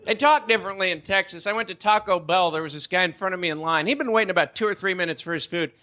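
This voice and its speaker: A young adult man with a high voice performs fast-paced live stand-up on a comedy club stage. He tells animated stories, acting out the voices of the people in them, and the stage recording is noisy.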